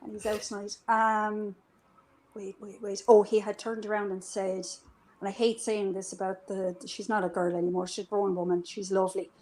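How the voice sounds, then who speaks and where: A woman in a live streamed chat, recounting events in an animated, conversational way. She swears freely and slips into the voices of the people she quotes. Her pitch sits in an ordinary middle range. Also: normal speed, low-quality recording. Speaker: interview guest. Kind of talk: casual storytelling.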